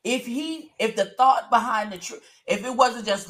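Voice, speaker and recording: Woman reviewer, mid pitch, explanatory casual talk with acted quotes. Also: steady tone, a little slow, hardly any pauses. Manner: explains at length, acts out quoted lines, calls others beloved. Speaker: review panelist. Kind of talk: casual show recap chat.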